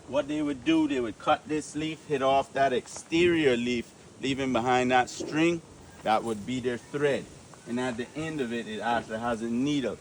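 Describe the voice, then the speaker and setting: Caymanian male tour guide, joking and animated, outdoors, heard from a distance with faint noise. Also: medium pitch. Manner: joking, lively and animated, with local slang.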